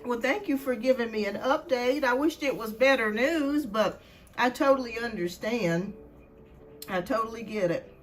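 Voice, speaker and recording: High-voiced, breathless woman tarot host. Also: moderate pace. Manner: chatty, greets viewers by name. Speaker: tarot reader hosting a live stream. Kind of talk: casual live-stream chat.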